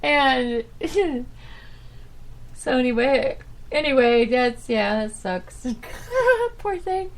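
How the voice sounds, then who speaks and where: A woman talks alone on her internet radio show in a loose, rambling monologue. Her voice sits a little high, and she speaks haltingly in a subdued tone, breaking in with nervous laughs.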